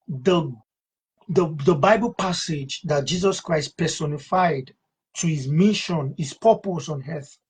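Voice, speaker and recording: A man's voice: on the high side, breathy edge, poor audio. A man hosting a talk who reads Bible verses aloud and comments on them, repeating key words for emphasis. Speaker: host.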